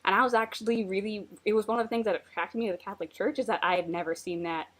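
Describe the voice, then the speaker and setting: A woman co-hosting a podcast in casual chat, opinionated and quick with asides. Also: mid-range voice, fairly even intonation, a bit bright. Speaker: podcast co-host.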